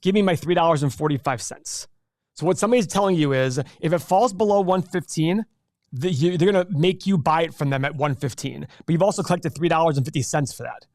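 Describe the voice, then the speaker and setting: A man hosting a live investing class, explaining options with an energetic, animated sales-pitch manner. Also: fast talker, no echo, studio quality. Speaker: host teaching an investing class. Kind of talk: live webinar teaching.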